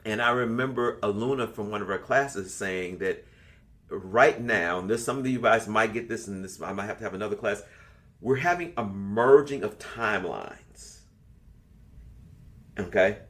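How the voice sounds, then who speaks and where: A man in his sixties with a fairly low voice talks casually to an online class. He speaks bluntly and swears often as he tells personal stories. He sounds as though he is on a video call. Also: measured pace, fairly bright tone. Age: 60s. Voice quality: blunt, profane, storytelling. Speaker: class leader.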